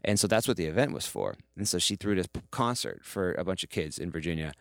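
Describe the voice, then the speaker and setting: A man telling a story as a podcast guest, animated and profane, mimicking the voices of the people he quotes. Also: low voice, fast, creaky, no echo, studio quality. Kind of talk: casual storytelling.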